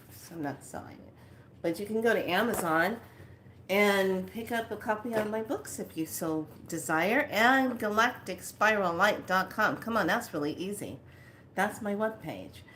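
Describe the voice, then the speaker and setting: A woman's voice: medium pitch, a bit bright, slight background noise. A woman from California, a spiritual consultant and author, chatting casually and rambling through stories with frequent laughs. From California, United States. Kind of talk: casual livestream chat.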